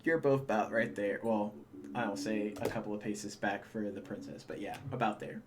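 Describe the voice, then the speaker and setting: A man's voice: on the low side, fairly even intonation, moderate pace, a little hiss or hum. A man acting as game master on a streamed tabletop game, speaking in a laid-back, chatty way.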